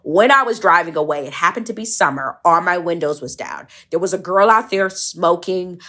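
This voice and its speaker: A woman in her forties from Michigan, telling a personal story in a candid, animated and profane way. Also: lowish voice, normal speed. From Michigan, USA. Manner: candid, profane, animated, laughs mid-sentence. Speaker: podcast host. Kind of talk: casual storytelling.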